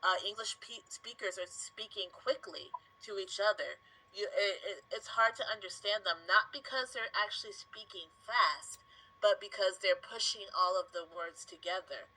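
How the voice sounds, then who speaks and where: A woman's voice: mid-range voice, moderate pace, pushed and bright, low-quality recording. A woman English teacher patiently explaining to a student in a live online class. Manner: patient, explains clearly with examples.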